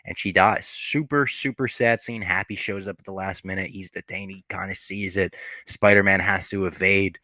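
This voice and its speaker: A man with a low voice and a bright, forceful edge talks through a movie scene by scene on his podcast. He is casual and profane and jumps into quoted lines. The sound is close and dry. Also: steady tone, moderate pace, no echo. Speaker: podcast host.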